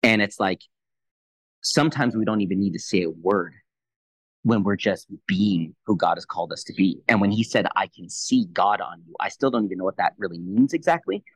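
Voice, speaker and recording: A man in his thirties with a fairly low voice tells a personal faith testimony on a podcast. He retells a conversation in a quick, animated way, playing out both sides. The sound is dry and close to the mic. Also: breathy edge, no echo, poor audio. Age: 30s. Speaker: Christian leader, podcast guest.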